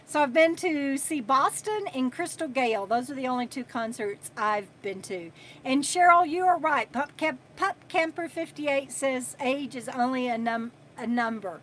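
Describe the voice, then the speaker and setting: A woman in her sixties hosting a casual livestream, chatting and reading viewer comments aloud between pauses. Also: sits high, animated, a bit bright, a little hiss or hum. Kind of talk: casual live chat.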